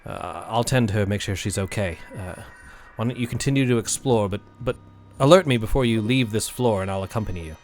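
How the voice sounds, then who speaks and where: A man voicing a calm, caring woman in a tabletop game, speaking in a reassuring way. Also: on the low side, brisk, a little hiss or hum, lightly acted.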